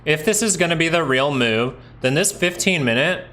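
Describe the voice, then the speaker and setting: A man hosting a live stock market stream, chatting casually over charts, excitable and asking himself questions as he thinks aloud. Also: a little high, moderate pace. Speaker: stock market livestream host.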